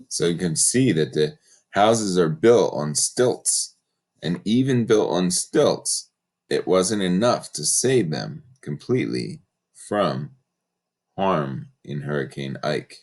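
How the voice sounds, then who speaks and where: A man's voice: sits low, expressive, takes it slowly, darkish tone. A man teaching a third grade class in a recorded lesson, giving patient step-by-step instructions and reading from a textbook.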